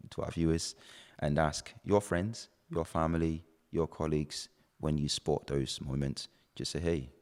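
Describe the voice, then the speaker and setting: Very deep-voiced male podcast host. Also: steady tone, unhurried, a little mellow. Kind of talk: casual chat. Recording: reverberant room.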